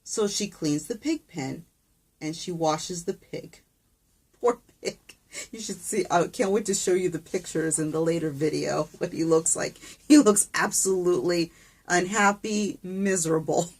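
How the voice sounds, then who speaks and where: A woman's voice: low voice, unhurried, a little mellow, husky. A woman teacher reading a picture book aloud to children, patient and encouraging, with asides to the kids.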